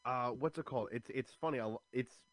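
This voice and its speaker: A man's voice: mid-range voice, a little fast, no room sound. Chatty young man, dry close sound. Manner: loose and chatty, many likes and restarts. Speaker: stand-up comedian guest. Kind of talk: casual interview chat.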